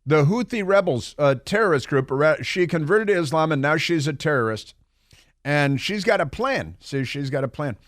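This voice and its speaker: A man's voice: fairly high pitch, lively intonation, moderate pace, no room sound. Middle-aged man, talk radio host, sarcastic and mocking, rambling, dry studio sound. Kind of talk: opinionated talk radio monologue. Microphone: studio microphone.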